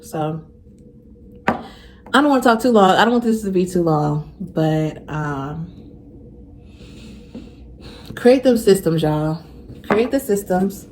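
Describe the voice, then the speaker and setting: In a lowish voice carrying a slight hiss or hum, a young woman speaks slowly and with long pauses to the viewers of her faith vlog. Her talk is casual and earnest; she repeats phrases to stress them and becomes emotional over her faith.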